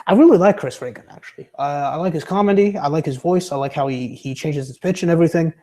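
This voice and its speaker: Young man, livestreamer, a bit high-pitched, sore throat, stammering, rambling, pitch wanders. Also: fast talker, dark tone. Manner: rambling, stammering, with many restarts; pitch fluctuates, drifting into a bouncy entertainer's voice. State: sore throat from being sick. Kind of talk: casual chat reading viewer comments.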